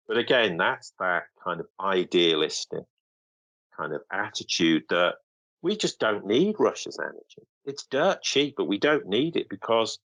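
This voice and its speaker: A man's voice: low-pitched, a bit bright, no room sound, poor audio. A man speaking as a guest commentator in a podcast interview, emphatic and sarcastic, often acting out the voices of others.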